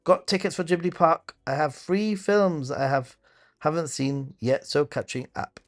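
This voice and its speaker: A man hosting a live travel Q&A stream, answering viewer questions in a relaxed way and thinking aloud with many hesitant fillers and restarts. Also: on the high side, a little slow, faint music behind. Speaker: host of a travel channel.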